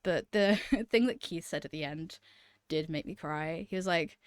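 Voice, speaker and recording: A woman's voice: lowish voice, moderate pace, dry recording, clean studio sound. A young woman chatting casually to camera as a vlogger, gushing about favourite channels, laughing often and swearing freely.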